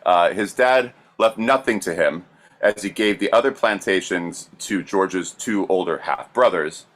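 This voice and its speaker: Low-voiced male podcast co-host, plain and casual storyteller. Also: measured pace, a bit bright. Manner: plain, with frequent fillers.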